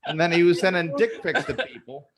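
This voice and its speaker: A podcast host trades crude jokes in casual conversation, animated and laughing often. He speaks briskly in a slightly high voice, with crowd noise in the background.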